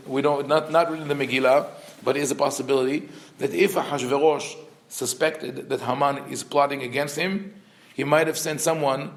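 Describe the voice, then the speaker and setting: A man, a rabbi, teaching a scripture class. He explains with dry humor and many fillers, and reads verses quickly in a chant. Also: mid-range voice. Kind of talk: Torah class lecture.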